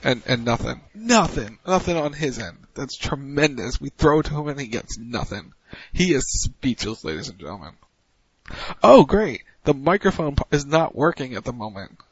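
Male talk-radio host, husky, loose and jokey, dry close mic with a dull edge. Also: medium pitch, very animated, normal speed, no room sound. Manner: loose, joking, often repeats himself. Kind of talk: casual chat.

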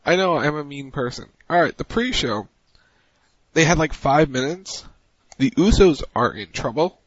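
A man's voice: fairly high pitch, animated, normal speed, husky, no room sound, highs cut off. A man hosting a casual wrestling talk show over internet radio, loose and joking, often repeating himself. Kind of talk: casual chat.

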